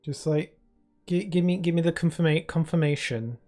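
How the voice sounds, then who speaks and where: A man's voice: fairly high pitch, moderate pace, warm tone. A man streaming a video game, chatting casually and playfully with his viewers, full of filler words and restarts. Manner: chatty, playful, answers chat with many fillers. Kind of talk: casual live-stream chat. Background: game music.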